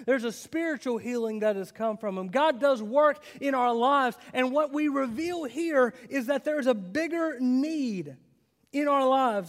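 A man preaching a sermon. He tells the story dramatically, asks his listeners questions, and swings between loud and hushed delivery. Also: very high-pitched. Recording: long reverb of a large hall.

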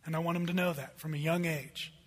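A middle-aged man preaching a sermon as pastor, swinging between loud emphatic lines and hushed asides. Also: on the high side, steady tone, fast talker. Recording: long hall reverb.

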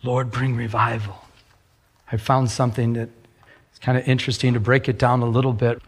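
A man preaching a sermon as a pastor, rambling and often repeating words as he restarts. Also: medium pitch.

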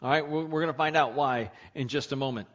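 A man's voice: mid-range voice, fast talker, muffled recording. A man preaching a sermon in a conversational, emphatic way, often asking the congregation questions. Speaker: pastor.

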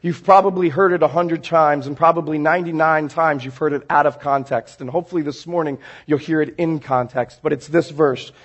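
A man's voice: fairly high pitch, brisk, few pauses, muffled recording. A man preaching a sermon in a church sanctuary, telling everyday stories and acting out scenes as he goes. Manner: animated storytelling, acting out scenes. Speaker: pastor.

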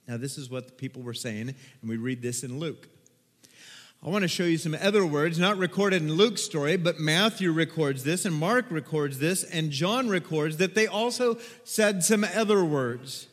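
A high-voiced male pastor preaching in a church sanctuary, his words ringing with a long hall reverb. He delivers the sermon with lively energy and dramatizes the crowd's voices. The sound has the spacious tail of a big room. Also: normal speed. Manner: animated, acts out crowd voices with whoops.

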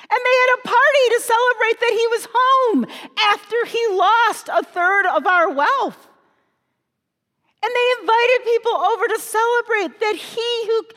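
A woman retelling a parable as a first-person story, in an animated, emotional way. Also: very high voice, unhurried. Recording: long hall reverb.

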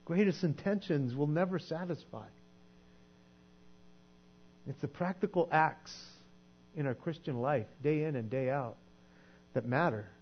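A man preaching a sermon in a conversational way, sometimes acting out quoted voices and dropping to a soft hush. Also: a little high, unhurried, pauses often, husky. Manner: conversational, acts out quoted voices, drops to soft hushed tones. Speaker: pastor. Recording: dull lo-fi sound with mains hum.

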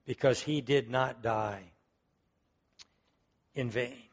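A man's voice: medium pitch, steady tone, slow, highs cut off. A man preaching a sermon, emphatic and fervent, repeating key words as he builds to strong peaks. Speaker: pastor.

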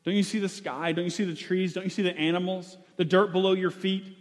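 A patient, gentle teacher voiced by a preacher, asking calm, reassuring questions one after another. The voice is slightly raised in pitch and carries a long echo from a large hall. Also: male voice, fairly quick, lightly acted. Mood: gently urging. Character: patient, gentle male teacher calmly explaining.

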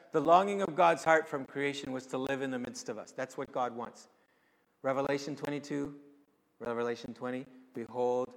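A man preaching a sermon, conversational, with sudden swings between soft and loud. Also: medium pitch, big-room sound, poor audio. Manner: conversational with dramatic swings in loudness. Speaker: pastor.

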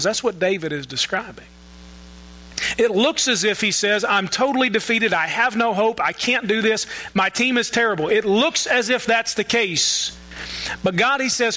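Pastor, male, earnest preaching delivery, bright tone, slight mains hum. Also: high voice, rough recording. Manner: earnest preaching with repeated restarts. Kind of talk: sermon.

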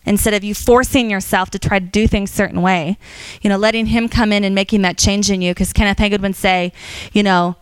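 A woman leads an evening church class, telling stories and acting out the people in them with lifted, lively voices. Her tone is smooth and clear, at a middle pitch. The sound is dry and close. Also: fairly quick, few pauses, no room sound. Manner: storytelling, animated quotes, frequent fillers. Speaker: Bible class teacher. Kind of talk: informal church teaching.

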